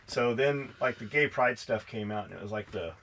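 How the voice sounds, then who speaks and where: A man's voice: fairly low pitch, normal speed, vocal fry, fairly bright tone. Profane joking male podcast co-host. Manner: crude, joking, reads listener comments aloud. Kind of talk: casual podcast banter.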